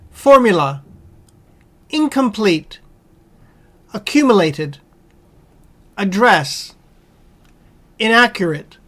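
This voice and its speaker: Woman, very slow pace, measured word-by-word reading, vocabulary list. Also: medium pitch, a bit bright. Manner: slow, measured, one word at a time with long pauses. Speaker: vocabulary reader.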